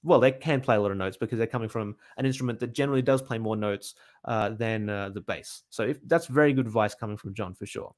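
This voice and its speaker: A man's voice: fairly low pitch, fast talker. Chatty Australian man answering viewers. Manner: chatty and upbeat, many filler "uh"s and restarts. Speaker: bass teacher. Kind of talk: casual livestream Q&A.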